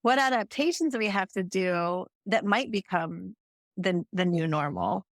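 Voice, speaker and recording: A woman talks as a podcast guest, thoughtful and empathetic, turning questions over as she speaks. Her voice sits at a middle pitch with a dry, close sound. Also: lively intonation, unhurried, no room sound. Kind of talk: reflective conversational interview talk.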